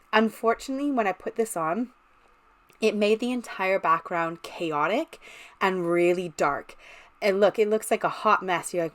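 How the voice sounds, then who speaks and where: A woman's voice: medium pitch, a bit bright. Chatty woman showing her handmade cards. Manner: chatty and enthusiastic, talking straight to the viewer. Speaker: card-making channel host. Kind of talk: casual craft tutorial walkthrough.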